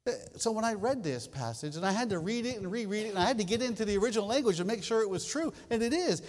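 A man with a fairly high voice delivers a sermon from the pulpit. He tells stories with animated emphasis and repeats short lines for effect. His voice rings with the long reverb of a large church hall. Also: quick pace, hardly any pauses. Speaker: pastor.

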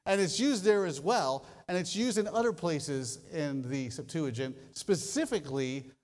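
A man preaching a sermon as a pastor, telling stories in an animated way and hammering home short repeated phrases. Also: a little high, moderate pace, big-room sound.

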